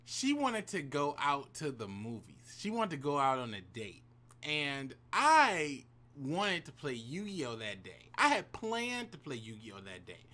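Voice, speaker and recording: A man's voice: a little high, wildly swooping pitch, unhurried, bright, forceful tone. A man telling a personal story to camera in a casual vlog, slangy and profane, with hype-man asides to the viewers. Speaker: YouTube storyteller.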